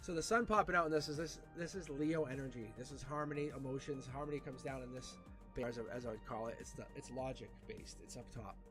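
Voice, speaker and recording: A man giving a casual live tarot reading, animated and repeating himself with frequent restarts. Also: medium pitch, fast talker, over music. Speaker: tarot reader.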